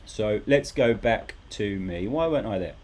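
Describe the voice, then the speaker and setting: A man's voice: fairly low pitch, animated, normal speed, a little mellow. A man teaching a live English lesson, talking animatedly and repeating rhetorical questions to his students.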